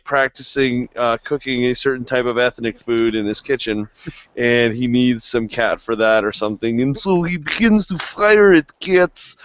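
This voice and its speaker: A man hosts a casual news podcast, rambling and joking at an unhurried pace. His voice sits at a medium pitch. The recording is dry and a little lo-fi. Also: no room sound. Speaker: podcast host.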